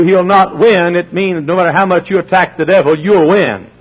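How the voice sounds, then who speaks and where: Emphatic preacher, husky. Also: male voice, high-pitched, moderate pace, hardly any pauses. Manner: emphatic preaching with repetitions, acting out dialogue. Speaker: pastor. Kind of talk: sermon. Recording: dull lo-fi sermon recording.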